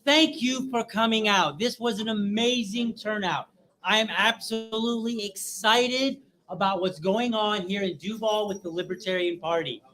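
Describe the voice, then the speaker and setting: A man's voice: high voice, normal speed, poor audio. Emphatic man giving closing rally words. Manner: emphatic, thanking volunteers.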